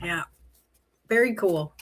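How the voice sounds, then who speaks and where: A woman's voice: on the low side, slow, noisy background. A middle-aged Canadian woman hosting a casual tarot livestream, chatting with viewers and laughing easily as she reads the cards. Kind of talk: casual live-stream chat while reading tarot cards.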